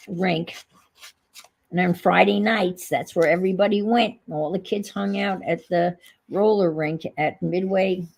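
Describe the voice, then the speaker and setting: Slow gravelly New England woman. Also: fairly low pitch, dark tone, slight background noise, low-quality recording. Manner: chatty, reminiscing, reading viewer comments aloud. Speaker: livestream host. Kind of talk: casual livestream chat.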